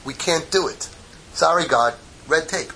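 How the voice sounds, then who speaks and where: A man voicing a fussy male angel who pleads and protests like a bureaucrat, speaking higher than his usual voice. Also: measured pace, vocal fry, pushed and bright, slight background noise, exaggerated voice, low-quality recording. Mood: protesting.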